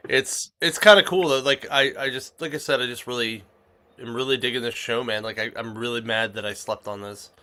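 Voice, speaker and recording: A man's voice: mid-range voice, steady tone, fairly quick, bright, forceful tone. A man hosting a casual comic shop podcast, rambling with lots of fillers and restarts. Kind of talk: casual chat.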